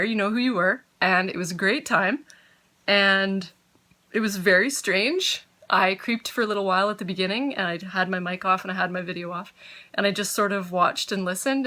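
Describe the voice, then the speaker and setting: A woman's voice with a clear, bright edge, talking casually to her viewers from home. She is chatty and grateful, drifts off topic easily and sometimes talks with her mouth full. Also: mid-range voice. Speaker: knitting podcaster. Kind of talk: casual chat to camera.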